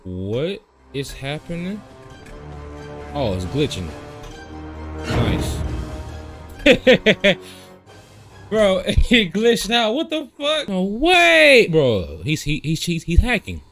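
Young man yelling through a horror game. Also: sits high, huge pitch swings, very slow, long pauses, soft background music. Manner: loud, yelling and swearing at the game. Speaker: gaming streamer. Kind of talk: gameplay commentary.

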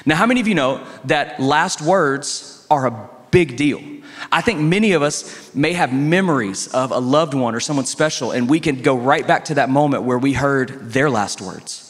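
A male pastor delivering a sermon in a church sanctuary, telling stories in a relaxed, conversational way with emphatic pauses. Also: medium pitch. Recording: long reverb from a church hall.

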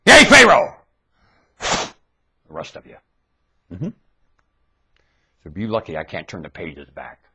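A man ranting erratically into a webcam at home, swinging from shouting to low muttering. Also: wildly swooping pitch, takes it slowly, creaky, pauses often, breathy edge. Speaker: vlogger. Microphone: webcam mic.

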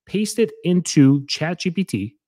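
A man's voice: a little high, big pitch swings, measured pace, mellow, no echo. A man hosting a podcast as a chiropractor, talking casually and energetically, rambling with restarts and fillers.

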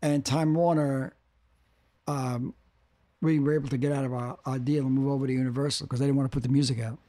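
A man's voice: mid-range voice, level tone, a little fast, warm tone, dry recording. An older man talking as a podcast guest, rambling, restarting and repeating for emphasis. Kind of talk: casual interview talk.

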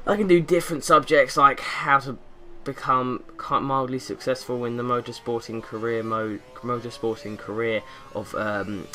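This gaming YouTuber, a young man from England, rambles and jokes through casual commentary on a racing game from his bedroom, window open, occasionally lapsing into silly voices. His mid-range voice is bright and forceful, with fairly even intonation, a moderate pace and few pauses.

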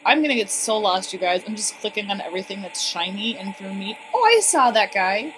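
A woman giving casual, excitable commentary on a game she is playing, chatting to her viewers. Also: mid-range voice, brisk, low-quality recording. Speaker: let's play gamer. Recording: steady background noise.

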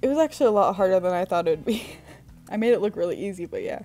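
Giggly, chatty young woman with a mellow voice. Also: medium pitch, animated, quick pace. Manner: chatty and giggly, often talks to herself. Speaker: vlogger. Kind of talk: casual voice-over chat. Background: soft guitar music.

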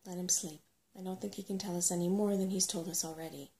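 A woman voicing a thoughtful young male dragon, quiet and firm, in a whispered role-play. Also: on the low side, steady tone, fast, natural voice. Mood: calm.

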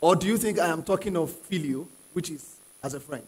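Male pastor with a husky, high voice, preaching emphatically to a congregation; sound carries a long hall reverb. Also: fairly quick, a little mellow. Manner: asks the congregation questions and prods them to answer; emphatic, repeats key phrases. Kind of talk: sermon. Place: church hall with live congregation.

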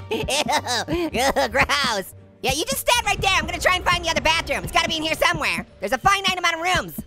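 With big pitch swings at a moderate pace, this let's play host uses vocal fry in a full character voice over music. He plays a hyper male cartoon orange, squeaky and pitched-up, giggling, joking, and punning through comedic gameplay.

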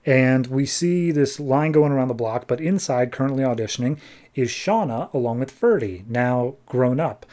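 A man hosting a comics podcast, summarizing an issue in a relaxed, wry tone and dropping jokes along the way. His voice is mellow and dark-toned at a middling pitch. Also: moderate pace. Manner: jokey, wry, acts out quotes. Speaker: podcast host. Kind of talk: casual comic-book recap.

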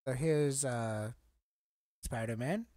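A man in a casual collecting vlog, talking haltingly and getting choked up, rambling with many fillers. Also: medium pitch, dark tone, no room sound, studio quality. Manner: halting, emotional, choked up at times. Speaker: collector vlogger.

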